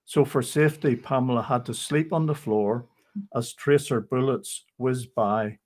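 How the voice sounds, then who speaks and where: Older guy reading a rhyming memoir, steady, calm, middle pitch. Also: measured pace.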